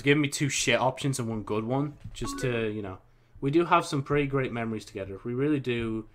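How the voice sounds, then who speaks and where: This young gaming host talks a little fast in a medium-pitched, fairly bright voice, with soft music in the background. During his let's play he casually mumbles through chat messages, reading them aloud, typing, commenting, and swearing freely.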